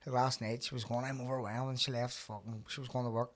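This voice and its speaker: A man's voice: medium pitch, flat delivery, fast talker. A young man, a boxer hosting a casual podcast chat, laid-back and swearing freely as he tells stories. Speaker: podcast host and pro boxer.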